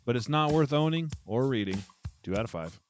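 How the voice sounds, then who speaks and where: A man's voice: mid-range voice, expressive, a little fast, soft background music. A man hosting his own book review channel, delivering a scripted, wry and mocking critique.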